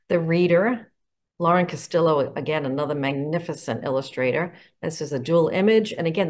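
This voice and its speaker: Lady teacher walking through book covers, upbeat, a bit low voiced. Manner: enthusiastic, explanatory, poses questions. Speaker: educator presenting picture books. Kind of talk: instructional talk to teachers.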